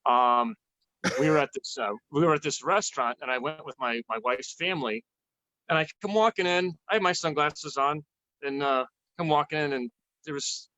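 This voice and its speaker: A man's voice: medium pitch, bright, forceful tone, no room sound, poor audio. A man in a band telling a rambling, laughing anecdote with many restarts. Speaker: band musician. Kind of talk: casual storytelling.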